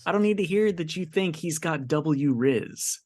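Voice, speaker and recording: A man's voice: on the high side, lively intonation, measured pace, darkish tone. A young man co-hosting a podcast, telling a story in casual, profane, exasperated chat. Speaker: podcast co-host.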